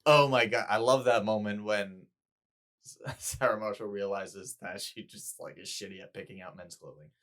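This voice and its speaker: A man's voice: fairly low pitch, fairly even intonation, normal speed, a bit bright. A man co-hosting a podcast, chatting casually and laughing a lot as he acts out movie lines. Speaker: podcast co-host. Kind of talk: casual chat.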